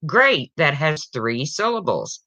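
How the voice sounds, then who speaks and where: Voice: medium pitch, sing-song, slow pace, bright, forceful tone, no echo, heavily acted. A livestreamer reading out a schoolteacher's lines in a joke, in a prim, patient classroom voice. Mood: encouraging. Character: schoolteacher quizzing her class. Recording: dull slightly lo-fi stream audio.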